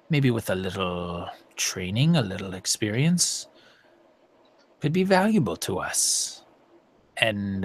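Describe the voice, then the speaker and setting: A man voicing a calm, scheming female alien majordomo in a put-on foreign accent, speaking softly and in a measured way, half-whispering in places, for a tabletop game. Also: low-pitched, slightly rough, pitched below the performer's own voice, exaggerated voice.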